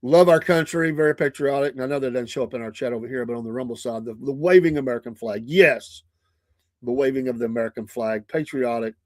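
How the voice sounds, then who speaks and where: A man's voice: mid-range voice, fast, darkish tone, no room sound. A man hosting a casual morning talk show, rambling through stories and chuckling often into a close mic in a small studio.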